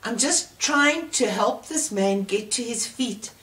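A woman preacher voicing a kind, well-off woman who speaks with calm, friendly insistence in a retold story. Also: a little high, takes it slowly. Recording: roomy church sound from far off.

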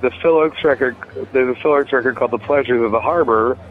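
This interview guest, a man with a mid-range voice, speaks quickly about his music, wandering off track with lots of fillers and false starts. The audio comes through a tinny phone line.

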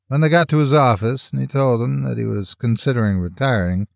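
A man reading a horror story aloud as a scripted narration in a measured storytelling manner, close to the mic. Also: dry recording. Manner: measured storytelling with lively pitch swings.

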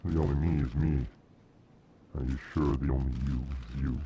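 Eerie unseen figure, ominous riddling voice, very deep, dull muffled game audio. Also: male voice, steady tone, normal speed, mellow, slight background noise.

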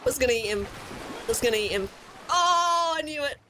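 A woman gives gameplay commentary, quick to swear and jumpy when scared. Her voice sits a little high and rises and falls a lot. A steady hiss of background noise runs under it. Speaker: let's play host.

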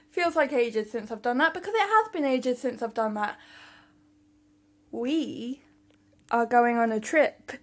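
A young woman from England talks to her camera in a chatty, giggly vlog style. Her voice sits high, and she takes her time with each thought. She laughs at herself often. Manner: chatty, giggly, self-mocking. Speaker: vlogger. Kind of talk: casual vlog talk.

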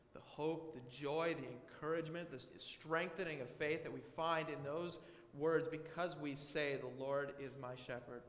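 Male pastor, fairly high voice, earnest sermon delivery, recorded in a reverberant church. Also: a bit bright. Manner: earnest, emphatic, slows down on key phrases. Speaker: guest pastor. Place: church sanctuary. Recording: echoey church with long reverb.

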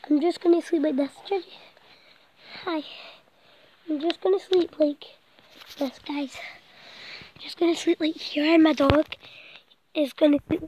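The recording is low quality, with a little hiss or hum, as a woman with a high, mellow voice vlogs at night from a small blanket fort. Breathless and chatty, she rambles and occasionally drops to a whisper, filmed by a camera set close by.

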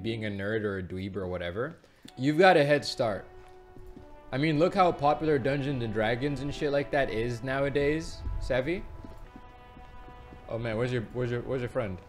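Animated, swearing gaming streamer man. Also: medium pitch. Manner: animated, rambling, swears freely. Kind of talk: casual gameplay commentary.

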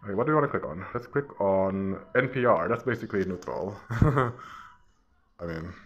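A man's voice: on the low side, normal speed, a bit bright, dull audio. A man giving a casual, mocking rant as he browses online, often laughing at his own jabs. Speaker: vlogger. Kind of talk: casual ranting commentary while browsing.

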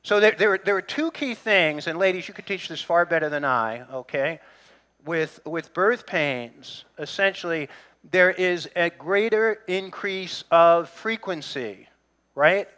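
Middle-aged man, pastor, preaching to a congregation, chatty and joking, higher voice, crisp bright tone. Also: unhurried. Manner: conversational preaching with humor and asides to the congregation. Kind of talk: sermon.

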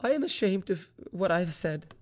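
A man voicing a heartbroken young woman, a general's daughter, in a soft, trembling murmur. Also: high voice, expressive, moderate pace, pitched above the performer's own voice. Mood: grief-stricken.

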